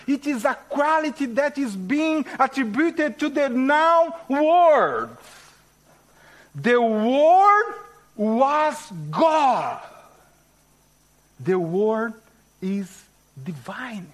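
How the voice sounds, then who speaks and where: Portuguese-accented male preacher, high-pitched, deliberate and slow, stresses key words. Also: sing-song, poor audio. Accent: Brazilian Portuguese. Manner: slow, emphatic teaching with rising stresses. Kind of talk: sermon.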